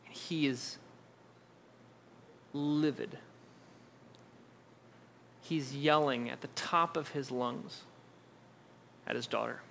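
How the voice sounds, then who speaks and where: A man's voice: medium pitch, slow, vocal fry, long pauses, a bit bright, a little hiss or hum. A man preaching a sermon, telling a personal family story in a conversational way and acting out what others said. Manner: conversational storytelling, acts out quoted voices. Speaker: pastor.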